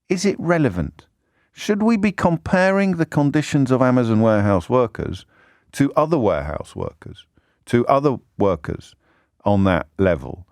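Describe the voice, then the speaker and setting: A man hosting a talk radio phone-in, speaking in an animated, indignant way and firing off rhetorical questions. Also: mid-range voice, no room sound, studio quality. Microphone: studio microphone.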